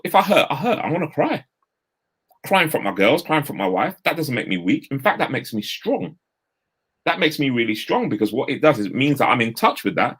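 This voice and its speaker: A man, giving an energetic, straight-talking motivational talk over a video call. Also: medium pitch, breathy edge. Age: 50s. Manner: energetic, straight-talking, uses London street slang. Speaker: guest speaker.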